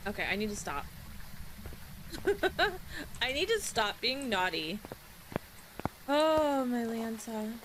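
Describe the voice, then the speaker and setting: A woman's voice: on the high side, big pitch swings, slow pace, pauses often, fairly bright tone, slight background noise, rough recording. A woman streamer chatting casually to her live-stream audience, flustered and panicky. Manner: flustered, panicky, talks to chat. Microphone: desk microphone.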